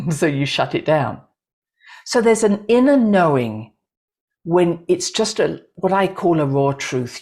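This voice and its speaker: A middle-aged woman giving an animated talk on intuition and astrology to an audience, acting out inner voices and laughing often. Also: low-pitched.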